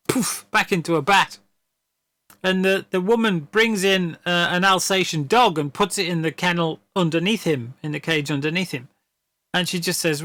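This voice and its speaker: A man chatting on a stream, rambling and repeating his words as he laughs his way through a story. His voice is bright and sits a little high. The sound is close and dry. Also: normal speed, dry recording. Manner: rambling, stammering storyteller who laughs often. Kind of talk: casual chat.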